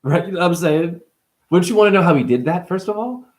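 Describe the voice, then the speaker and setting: A man speaking in a loose, playful monologue as a spiritual vlogger, often addressing listeners as honey. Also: quick pace. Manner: animated, swinging pitch, playful, calls listeners honey. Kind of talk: casual monologue.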